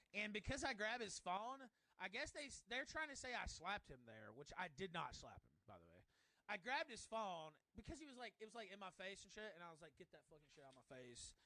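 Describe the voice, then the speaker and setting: High bright angry ranting man. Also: no echo. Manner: aggressive, swearing, mocks others in shouted high voices. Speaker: streamer in a played clip. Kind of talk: profane angry rant.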